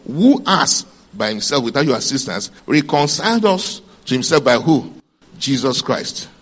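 A man preaching a sermon, his pitch rising and falling freely as he stresses a point and then drops his voice low. He throws questions at the congregation and answers them himself. He reads scripture aloud in old-fashioned wording.

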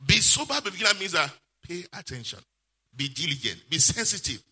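A male pastor, preaching a sermon with lively call-and-response questions. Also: fairly high pitch, brisk, breathy edge.

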